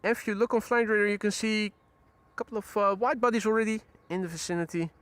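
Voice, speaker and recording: High-voiced man spotting planes. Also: brisk, a bit bright, clean tone. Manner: chatty, greets viewers, frequent fillers. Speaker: live stream host, plane spotter. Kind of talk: casual live commentary. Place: outdoors near airport runway.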